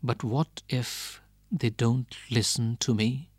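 Young grandson, earnest, unsure; male reader, slow delivery. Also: medium pitch, steady tone, husky, no room sound, studio quality. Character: thoughtful young man, the grandson.

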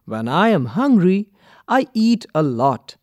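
A man reading a children's story aloud from a textbook, clear and deliberate for young learners. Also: high voice, big pitch swings, darkish tone, no room sound. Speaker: textbook reader. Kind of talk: slow expressive storybook reading.

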